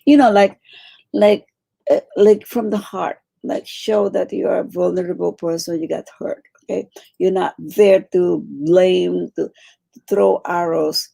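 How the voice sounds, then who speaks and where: A woman teaching a meditation class, coaching her students gently and repeating phrases for emphasis. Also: on the low side, steady tone, unhurried, creaky. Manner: warm coaching, repeats phrases, acts out quoted pleas.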